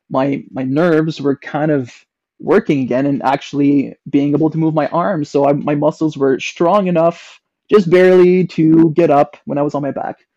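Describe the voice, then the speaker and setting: A man's voice: mellow, dry recording. A young man with a Canadian accent telling a long personal story as a podcast guest, rambling with many fillers and restarts. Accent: Canadian English. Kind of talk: casual storytelling. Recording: dull low-fidelity sound.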